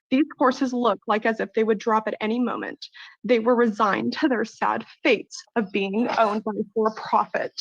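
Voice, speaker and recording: A woman's voice: on the high side, no echo, lo-fi sound. A woman giving an earnest, emotional public comment at a city council meeting, reading out prepared remarks.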